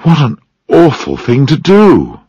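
Alarmed young woman scientist, man doing her, slow and husky, dry sound. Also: medium pitch, wildly swooping pitch, warm tone, no room sound, lo-fi sound, pitched above the performer's own voice, heavily acted.

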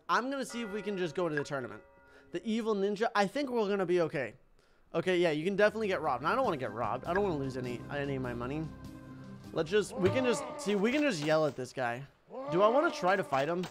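A man giving casual let's-play commentary as a streamer, excitable and crying out loudly at the game. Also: sits high. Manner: excitable, yelps and cries out at the game. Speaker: gaming streamer. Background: game music.

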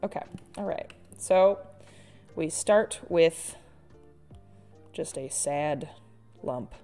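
Soft music plays behind a woman whose low, mellow voice goes very slowly. As she draws on a live stream, she makes casual, self-deprecating chatter, sighing and laughing a lot.

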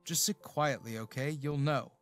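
A man voicing a commanding, sarcastic young bodyguard who turns gentle. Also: mid-range voice, moderate pace, faint music behind, lightly acted. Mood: teasing. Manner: curt and sarcastic, turning soft.

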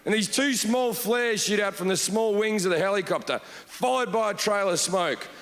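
Deadpan comedian in a big hall. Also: male voice, sits high, moderate pace. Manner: deadpan with sudden shouted outbursts. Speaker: stand-up comedian. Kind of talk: stand-up storytelling on stage. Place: large comedy hall with audience. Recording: reverberant hall, noisy crowd.

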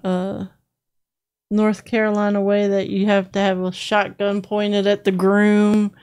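A woman's voice: mid-range voice, monotone, measured pace, a little mellow, clean tone. A woman hosting a live craft stream, chatting playfully and laughing often. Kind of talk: casual chat.

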